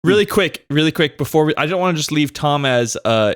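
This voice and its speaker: A man's voice: on the high side, lively intonation, brisk, clear, resonant tone, no room sound, studio quality. A man co-hosting a comedy podcast, reading listener questions and steering the chat earnestly. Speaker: podcast co-host.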